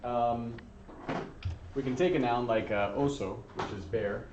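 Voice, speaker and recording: A man's voice: medium pitch, unhurried, background noise. Patient male teacher, echoey room. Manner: patient, encouraging, frequent ums and uhs. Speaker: Spanish teacher. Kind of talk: classroom lesson, calling on students. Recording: distant, echoey, dull room recording.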